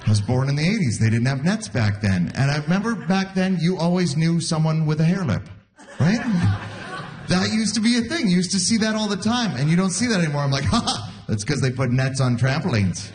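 Lively stand-up comic in his forties. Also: a little high. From Canada. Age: 40s. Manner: lively, acts out quoted voices, laughs at his own jokes. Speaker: stand-up comedian. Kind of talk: stand-up comedy set. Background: audience laughter.

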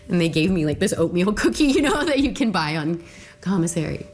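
A woman's voice: lowish voice, animated, quick pace, darkish tone, soft background music. A young woman being interviewed, recounting her experience in a loose, chatty way and acting out what others said to her. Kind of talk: casual personal recounting.

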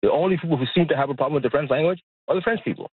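A man's voice: racing, slightly rough. A man from Montreal calling in to a radio show, ranting angrily and repeating himself in disbelief. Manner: exasperated, repeats himself, rising pitch in disbelief. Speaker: caller. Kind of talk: angry call-in rant. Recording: tinny phone line.

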